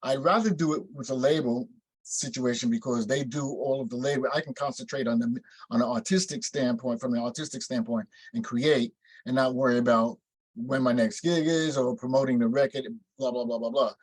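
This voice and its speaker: A man's voice: medium pitch, fairly even intonation, a little fast, no room sound, poor audio. Emphatic older man telling stories. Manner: emphatic storyteller, acts out quotes. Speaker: guest musician. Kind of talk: interview conversation.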